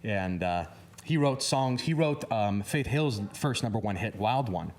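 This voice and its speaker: A man's voice: fairly low pitch, expressive, a little slow. A young male musician, guest on a TV interview show, chatting casually and acting out little quoted voices. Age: young adult. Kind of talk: casual studio interview chat. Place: TV studio.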